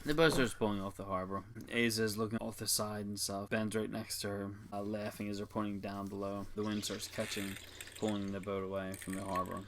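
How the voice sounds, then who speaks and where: Fields: sex, man. Role: game master. Style: rambling second-person narration of a tabletop game. Pitch: low. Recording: noisy home setup. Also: flat delivery, brisk.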